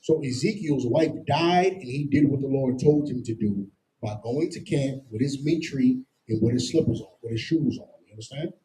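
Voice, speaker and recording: A man leads a street-style Bible lesson, his voice deep in tone and very dark and mellow. He talks at a moderate pitch, leaning on everyday comparisons and constant check-ins with his listeners. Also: moderate pace, low-quality recording. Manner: emphatic, repeats "you understand?" constantly; explains with everyday comparisons and slang. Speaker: scripture teacher.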